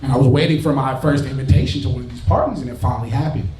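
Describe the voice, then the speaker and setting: A male comedian telling stories in a stand-up set at a live show, jumping to loud high bursts on his punchlines. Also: rapid-fire. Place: bar stage with live audience. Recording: roomy live venue, audience crowd, off-mic distance.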